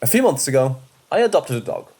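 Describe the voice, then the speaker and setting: Male narrator for true ghost stories, steady and measured, medium pitch. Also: slight background noise. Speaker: storyteller. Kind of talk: scripted horror story narration.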